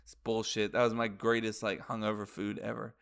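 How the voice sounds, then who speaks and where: A man's voice: lowish voice, little pitch movement, brisk, vocal fry, fairly bright tone. A man hosting a casual podcast, wrapping up with loose, profane, rambling plugs. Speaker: podcast host.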